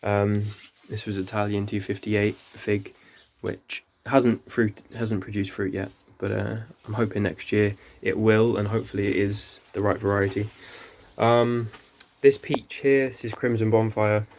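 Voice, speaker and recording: Rambling man with low voice. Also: little pitch movement, a little slow, darkish tone. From England. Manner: rambling, many ums, self-correcting. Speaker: gardening vlogger. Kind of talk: casual walk-through tour. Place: small greenhouse.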